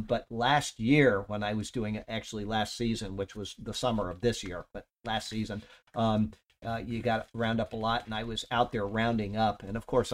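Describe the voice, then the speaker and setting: A man talks through a Bible passage in an easygoing, unscripted way. He drifts between points, restarting sentences and filling pauses as he goes. His voice sits at an ordinary middle pitch. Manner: rambling, conversational, with many fillers and restarts. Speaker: Bible teacher. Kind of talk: casual Bible teaching talk.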